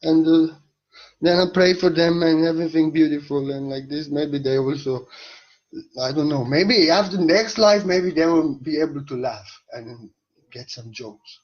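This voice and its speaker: A man's voice: on the high side, measured pace, dull audio. A man giving a spiritual monologue in a playful, irreverent way, swearing casually.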